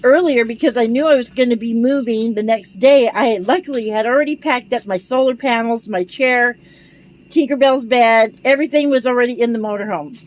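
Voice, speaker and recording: An older American woman, a vlogger, telling a rambling, animated story in a casual way. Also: on the high side, brisk, rough recording. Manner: rambling, animated, retells dialogue.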